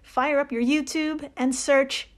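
A woman's voice: high-pitched, fairly even intonation, slow. Playful woman podcast host. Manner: playful, swears casually, laughs often. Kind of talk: casual podcast chat.

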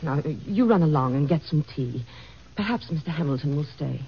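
A woman's voice: low-pitched, expressive, brisk, breathy edge, full character voice. A woman playing an earnest, persuasive first lady in a vintage radio drama. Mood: composed. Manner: earnest, gently insistent. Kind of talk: 1940s radio acting. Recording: dull old radio recording.

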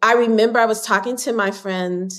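A woman guest on a podcast, telling stories in an animated way and breaking into sudden quick bursts of talk. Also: a little high. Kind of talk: casual interview chat.

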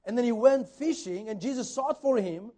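A man preaching a conversational sermon as a pastor, swinging between loud emphasis and soft asides, sometimes acting out dialogue. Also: extremely high pitch, normal speed. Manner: acts out quoted dialogue.

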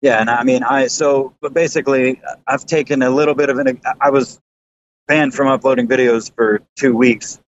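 A man from the American South talks loosely on a podcast, rambling through fillers and restarts and swearing casually. His voice sits at an ordinary pitch, and the recording sounds slightly dull, with a faint rumble underneath. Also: steady tone, normal speed. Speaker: YouTuber guest.

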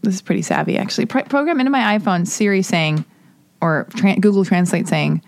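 A woman from Los Angeles hosting a relaxed conversation, her voice moving up and down as she tells self-deprecating stories. She laughs often, and the sound is dry and close to the mic. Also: mid-range voice, brisk, gravelly, dry recording. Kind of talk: casual chat.

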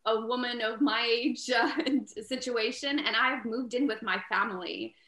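A woman's voice: on the high side, moderate pace. A woman entrepreneur being interviewed, talking earnestly and casually with plenty of "like" fillers. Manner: earnest, peppered with "like", grows loud and emphatic. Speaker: entrepreneur and inventor, interview guest. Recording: echoey room.

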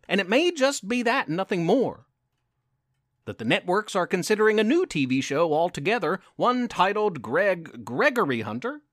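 Lively high-voiced male storyteller, unhurried. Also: no echo, studio quality. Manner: gentle, encouraging, playful. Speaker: podcast host and storyteller. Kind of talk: scripted storytelling narration.

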